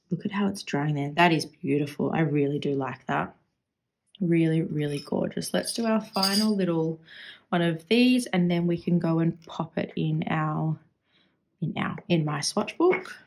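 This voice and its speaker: Australian woman, deep-toned for a woman, casual vlog chat, musing, restarts her sentences. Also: darkish tone. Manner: chatty, musing, trails off and restarts. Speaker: ink-swatching vlogger. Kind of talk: casual chat while swatching ink.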